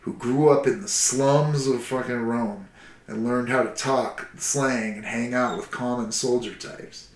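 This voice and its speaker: A man's voice: mid-range voice, a little slow. A man casually retelling history, swearing freely and acting out the people in it. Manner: profane, animated, acts out shouts and quotes. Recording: roomy echo.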